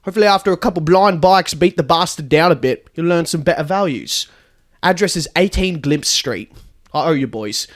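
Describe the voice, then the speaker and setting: A man's voice: fairly high pitch, lively intonation, moderate pace, voice pushed down, natural voice. A man doing Barbara, a cursing blind bus. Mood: irritated, scheming. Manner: swings from chirpy guide patter to furious swearing. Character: blind foul-mouthed female bus tour guide. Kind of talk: comedic storytelling podcast.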